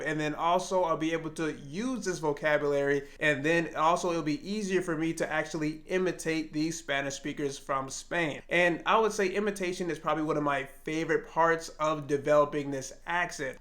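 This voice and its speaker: A man's voice: a little high, a bit bright. A man vlogging about learning a language, earnest and self-reflective as he talks about his insecurities. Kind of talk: casual explanatory vlog narration.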